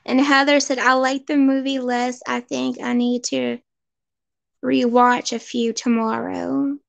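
A woman co-hosting a casual live stream, relaxed and giggly as she reads out viewer comments. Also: high-pitched, a little slow, vocal fry, dry recording, muffled recording. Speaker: co-host reading the chat.

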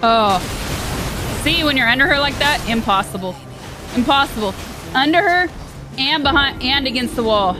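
A woman streaming a video game, commenting as she plays, frustrated and sarcastic, yelling when she gets hit. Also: high-pitched, animated, moderate pace, pauses often. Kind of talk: live gameplay commentary. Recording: game music behind the voice.

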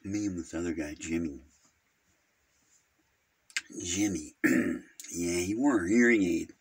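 A man's voice: deep voice, slow, gravelly, husky, full character voice. A man playing a rambling, gossipy male Jehovah's Witness who halts, hums and giggles at his own crude jokes in an improvised comedy monologue.

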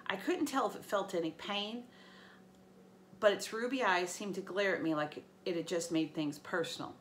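A woman teacher reading a novel aloud to her students, with lively storytelling and small slips. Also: mid-range voice, normal speed, slight background noise.

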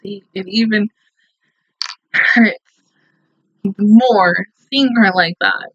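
Bright, emotional young woman reacting. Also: mid-range voice, extremely slow, slightly rough, no echo, lo-fi sound. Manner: emotional, exclaiming, talking to the screen. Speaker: anime reaction host. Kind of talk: casual reaction commentary.

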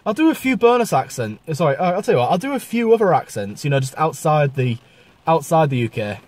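A man's voice: fairly high pitch, big pitch swings, fast, a little mellow, no room sound. A man with a mix of Yorkshire and Southern English accents, chatting casually in a vlog and stumbling over his words. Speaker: vlogger.

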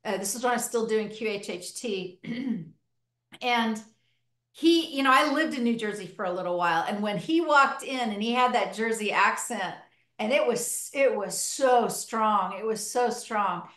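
A woman's voice: a little high, animated, normal speed, a bit bright. A woman hosting a podcast conversation, telling stories from her hypnotherapy sessions with enthusiasm. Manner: enthusiastic, storytelling. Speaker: hypnotherapy practitioner and host. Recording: echoey room.

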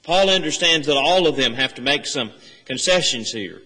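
A man's voice: mid-range voice, lively intonation, moderate pace, pushed and bright. A man preaching an earnest sermon, explaining a scripture passage verse by verse and pressing home key phrases. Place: church sanctuary. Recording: church sanctuary with long reverb.

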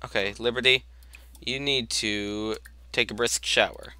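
A young man with a bright, forceful voice talks his way through a life-sim game, telling his characters what to do next. His commentary is loose and chatty, and he breaks now and then into exasperated outbursts. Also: mid-range voice, fairly even intonation, a little slow, clean tone. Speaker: gameplay commentator. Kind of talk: casual let's-play commentary.

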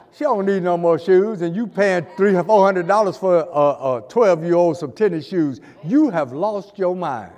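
A man's voice: high voice, a little mellow, big-room sound, dull audio. A male pastor preaching a fervent sermon, repeating phrases and hurling rhetorical questions at the congregation. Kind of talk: fiery sermon. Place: church sanctuary.

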